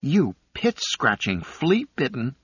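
A man voicing a young female uplifted chimp who is fiery and frightened, with a sharp, pleading delivery. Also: mid-range voice, animated, a little fast, breathy edge, no echo, pitched above the performer's own voice. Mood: indignant. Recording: slightly dull recording.

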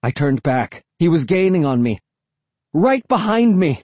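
An audiobook narrator giving a dramatic, expressive first-person reading. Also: mid-range voice, a little slow, no room sound.

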